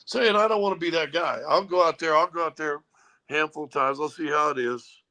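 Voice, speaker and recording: A man hosting a casual sports talk show, telling animated stories and mimicking others. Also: a little high, fairly quick, poor audio. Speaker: sports radio host.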